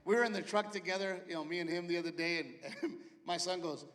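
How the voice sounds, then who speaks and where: Punchy comedian on a theater stage. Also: male voice, high voice, quick pace. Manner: loud, punchy delivery with sudden shouted punchlines. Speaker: stand-up comedian. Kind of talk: stand-up comedy set. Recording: live theater with long reverb and faint ambience.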